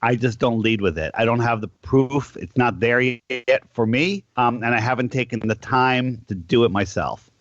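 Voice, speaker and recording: A man hosting a call-in radio show, rambling casually with lots of restarts and drawn-out words. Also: mid-range voice, no room sound. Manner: rambling, restarts often, stretches words out slowly. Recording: dull lo-fi sound.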